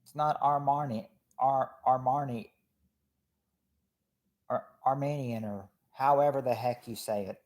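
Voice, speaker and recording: A man from Kentucky, hosting a game night and reading out guesses in a chatty, stop-and-start way, trailing off quietly. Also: medium pitch, moderate pace, hardly any pauses. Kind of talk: casual livestream game commentary.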